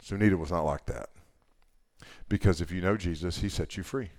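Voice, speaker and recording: Lively male camp preacher telling a story. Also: low-pitched, a little fast, no room sound. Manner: animated storyteller, acts out dialogue, swings from loud to hushed. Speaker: camp speaker. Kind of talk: youth camp sermon storytelling.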